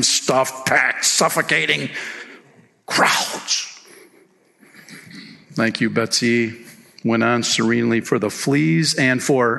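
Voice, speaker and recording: Gravelly, bright-voiced man preaching in a hall. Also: medium pitch. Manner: animated, sings hymn lines and reads book passages aloud. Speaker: pastor. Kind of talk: sermon. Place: church sanctuary. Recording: long hall reverb.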